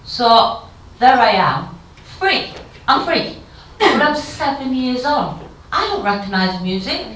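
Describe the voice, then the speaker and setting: A woman's voice: on the high side, big pitch swings, unhurried, few pauses, a bit bright, slight background noise. A woman in her fifties giving a frank, emotional conference speech with wry humour. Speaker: keynote speaker. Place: conference hall. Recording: very echoey hall, far from the mic.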